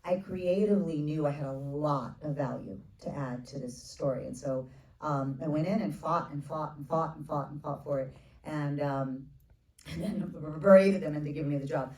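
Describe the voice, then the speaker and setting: A woman in her forties, a film director, telling stories at a casual onstage Q&A in a low voice. She slips in quick asides and acts out what others said. The sound is roomy, like a theater heard from a distance. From United States. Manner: animated storyteller, quick asides, acts out others with bursts of laughter. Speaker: film director answering questions. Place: theater stage with audience.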